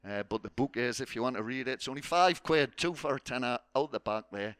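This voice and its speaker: A man's voice: mid-range voice, lively intonation, a little fast, fairly bright tone, smooth, no room sound. A man hosting a spoken word night on a festival stage, rambling through self-mocking jokey banter before a live audience.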